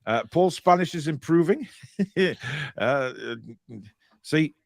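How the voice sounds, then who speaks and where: A man's voice: fairly high pitch, lively intonation, takes it slowly, dry recording, studio quality. Chatty, rambling middle-aged man. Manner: chatty, jokey, rambling with restarts. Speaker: co-host reading viewer comments. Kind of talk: casual live-stream chat.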